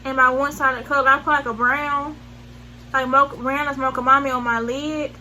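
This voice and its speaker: A woman with a Southern accent, a beauty vlogger, runs through a makeup tutorial in a brisk, sharp, high-pitched voice with little pitch movement. Her talk is chatty and rambling, slangy, full of self-corrections, and she loses track mid-sentence. A little hiss or hum marks the low-quality recording.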